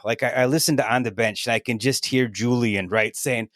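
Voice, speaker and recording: A middle-aged man talking as a guest in a casual podcast conversation, energetic and chatty, often tagging his points with "right?". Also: medium pitch, a little fast, no room sound, studio quality.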